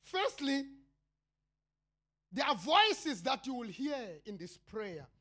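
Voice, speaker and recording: South African male pastor, slow fiery sermon, cries out then drops to murmurs. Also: big pitch swings. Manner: impassioned, swinging between shouted cries and low murmurs.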